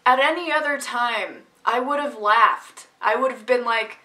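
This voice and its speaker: Bright-voiced sarcastic woman vlogger. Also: on the high side, a little slow. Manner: sarcastic, ranting, animated. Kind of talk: casual storytelling vlog.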